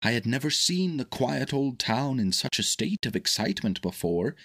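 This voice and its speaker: A man narrating a children's storybook in a steady, expressive reading. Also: medium pitch, moderate pace.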